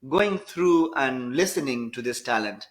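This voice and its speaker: A man co-hosting a casual podcast livestream, switching between English and Swahili and reading out viewer comments in a relaxed way. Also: mid-range voice, unhurried, crowd noise. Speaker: podcast co-host and DJ. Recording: echoey room.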